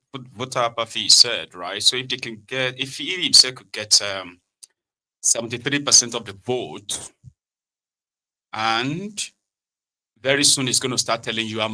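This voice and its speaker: A man hosts a political livestream in a very bright, sharp voice at an average pitch. He chats loosely with his viewers and slips in sardonic asides. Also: low-quality recording. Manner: chatty, sardonic, asks viewers to check things. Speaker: host of online political broadcast. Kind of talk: casual political commentary.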